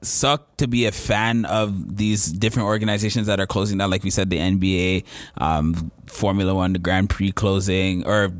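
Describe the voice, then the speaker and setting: Man, podcast co-host, casual chat, easygoing, low voice, dry close mic. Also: steady tone, moderate pace, no room sound.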